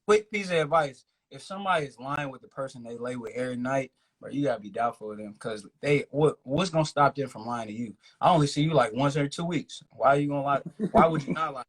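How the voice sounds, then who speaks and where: A man's voice: medium pitch, fast, few pauses. A laid-back man, a rapper guest chatting casually in an interview, laughing often and talking in loose run-on thoughts.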